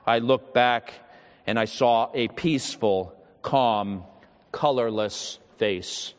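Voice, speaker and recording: A man's voice: medium pitch, slow pace. A pastor, a man, preaching a sermon with solemn storytelling and prayer in a church hall. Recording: long hall reverb.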